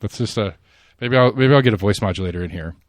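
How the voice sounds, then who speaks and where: A podcast host chatting casually and rambling about local politics, full of fillers and restarts. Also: male voice, lowish voice, fast talker, dry recording, studio quality.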